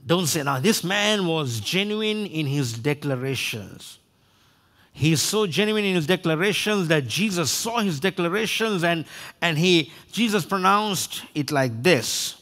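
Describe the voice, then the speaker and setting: A male pastor delivers a sermon in an emphatic preaching manner, his voice sitting a little higher than most men's. He slips into quoted voices as he drives his points home. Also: lively intonation, measured pace, a bit bright.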